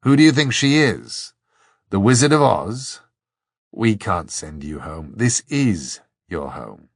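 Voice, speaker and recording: A man's voice: on the low side, lively intonation, takes it slowly, no echo, clean studio sound, heavily acted. A man reading an audiobook, voicing a cool, superior aristocratic man.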